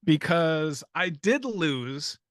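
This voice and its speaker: A man co-hosting a casual gaming podcast, with a dry, offhand, halting delivery. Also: on the high side, animated, no echo. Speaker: podcast co-host. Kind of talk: casual chat.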